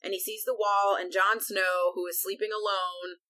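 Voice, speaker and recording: Woman podcast host going thru a chapter, says like a lot, crisp bright tone. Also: medium pitch, level tone, moderate pace, rough recording. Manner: retells the chapter at length with frequent "like". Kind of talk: casual book discussion.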